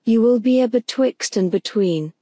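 A woman reading the part of a wise, grim old male bird in a bedtime storybook, calm and unhurried, close to her own voice. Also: on the high side, dry recording, lightly acted.

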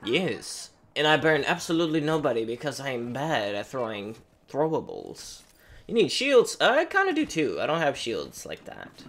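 A man's voice: fairly high pitch, normal speed, a little hiss or hum. A man giving live commentary over his own gameplay, taunting opponents and talking to himself as he plays. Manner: animated, taunts enemies, talks to himself. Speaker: gaming streamer.

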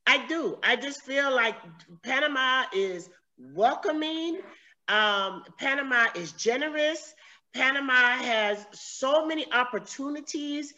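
A woman's voice: sits high, lively intonation, takes it slowly, sharp tone, muffled recording. A woman from the United States interviewing a guest over a video call, speaking earnestly and emotionally with many fillers.

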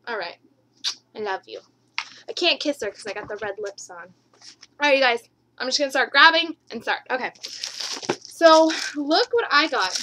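A young woman gushing excitedly to her camera in a home video, recorded on the camera's microphone. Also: high voice, normal speed, long pauses, background noise. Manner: bubbly, gushing. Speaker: vlogger. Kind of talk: excited haul vlog.

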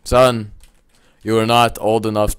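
A man doing gaming commentary, excitable, yelping and shouting at what happens in the game. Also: on the low side, a little slow, smooth, no echo. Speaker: let's play gamer.

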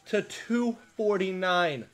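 Card break host, male, excitable, bright tone, unhurried delivery. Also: high-pitched, faint music behind. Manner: excitable, shouts over big pulls; reads out player names one by one. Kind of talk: live card-opening stream.

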